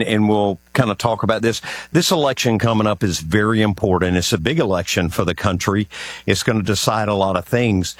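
A man's voice: lowish voice, no echo. A man with a Southern American accent hosting a talkative, friendly interview. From United States. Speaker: show host, interviewer. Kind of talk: conversational interview.

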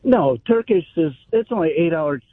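A man's voice: fairly high pitch, expressive, normal speed, no room sound. A man calling into a radio show, joking dryly and speaking matter-of-factly. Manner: dry joking, matter-of-fact. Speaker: caller. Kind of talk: call-in radio chat. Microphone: telephone. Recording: tinny phone line.

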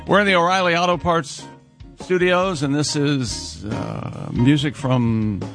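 A man's voice: a little high, unhurried, creaky, over music. A man hosting a morning radio show, joking around and introducing his crew in the studio. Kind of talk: casual studio banter.

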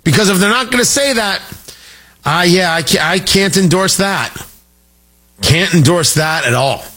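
A middle-aged man hosting a talk radio show, animated and jokey, wandering off on tangents. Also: high voice, unhurried. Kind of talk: opinionated talk radio monologue.

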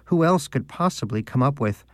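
A man's voice: mid-range voice, animated, normal speed, no echo, voice pushed up, natural voice. A man voicing a pompous, devout male pet hamster who lectures in a lofty, condescending manner, as an audiobook character. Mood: preachy.

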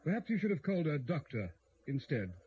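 A man's voice: fairly high pitch, very animated, a little fast, breathy edge, heavily acted. A man playing a self-important police inspector in an old radio drama, speaking in a commanding, impatient and somewhat pompous way. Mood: brisk. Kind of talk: 1940s radio acting. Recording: dull old radio broadcast with faint hiss.

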